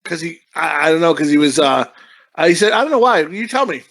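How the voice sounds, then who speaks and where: A man's voice: on the high side, animated, fairly quick, a bit bright, no echo. A man co-hosting a movie review podcast, talking in a crude, rambling way, swearing constantly and laughing often. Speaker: podcast co-host.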